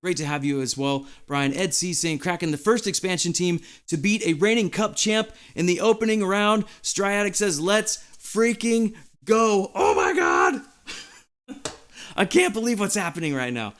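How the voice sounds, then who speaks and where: A man hosting a live stream, giddy and out of breath, reading chat messages aloud in an excited chat. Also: high-pitched, normal speed, clean tone.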